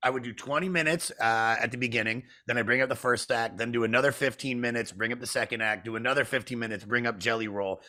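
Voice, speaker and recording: A man hosts a podcast and talks in a relaxed, chatty way, laughing easily and calling his guest "dude." His voice sits at an ordinary middle pitch. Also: fast talker, few pauses. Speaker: podcast host. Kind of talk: casual podcast chat.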